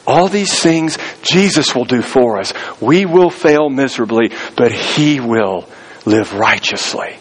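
A man's voice: medium pitch, animated, a little slow, slightly rough, poor audio. A man preaching a sermon in a conversational storytelling way, acting out the voices of people he quotes. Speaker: pastor.

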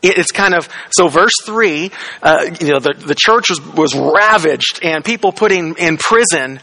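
A man preaching a sermon, explaining a Bible passage verse by verse, asking questions and slowing down on key phrases for emphasis. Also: on the high side, sharp tone, poor audio. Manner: expository, explains Greek words, asks the congregation questions. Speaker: pastor.

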